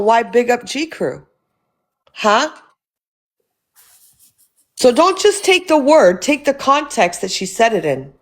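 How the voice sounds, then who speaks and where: A woman on a live stream, venting in heated, profane commentary. Her voice sits a little high, and she sounds openly incredulous. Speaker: livestream host.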